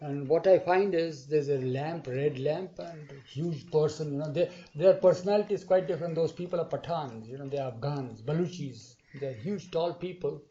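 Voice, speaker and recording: An older man casually telling a rambling, animated story with many asides and bursts of laughter. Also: a little high, moderate pace, few pauses. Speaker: storyteller recounting memories. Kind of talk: casual anecdotal storytelling to a small group. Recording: dull old archival tape recording.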